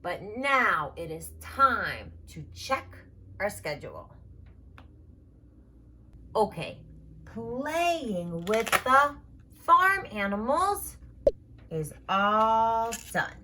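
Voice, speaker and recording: A high, bouncy woman's voice rises and falls in big swoops as she plays with toy animals for small children. She speaks very slowly and repeats simple words in an exaggerated sing-song way, like a children's speech therapist leading a game. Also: very animated, bright, forceful tone, a little hiss or hum. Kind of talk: toy play narration for toddlers.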